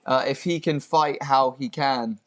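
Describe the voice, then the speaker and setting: A man's voice: mid-range voice, a little slow. A young American man co-hosting a casual livestream, reading viewer messages aloud and answering them with swearing and sudden exasperated squeals. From United States. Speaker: livestream co-host reading chat. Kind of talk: casual watch-along chat.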